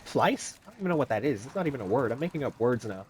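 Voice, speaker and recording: A young man giving loose, joking gameplay commentary, teasing the characters on screen and reacting out loud as he plays. His voice sits at an ordinary middle pitch, with faint background noise in the mix. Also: fast talker. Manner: animated, joking, talks to game characters. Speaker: gaming YouTuber.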